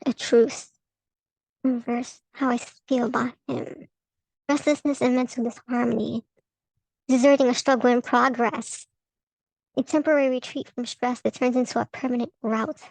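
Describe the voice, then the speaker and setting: A woman's voice: a little high, gravelly, no room sound, low-quality recording. A woman vlogging about a tarot reading, profane and heated, laughing between rants. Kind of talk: casual ranting vlog.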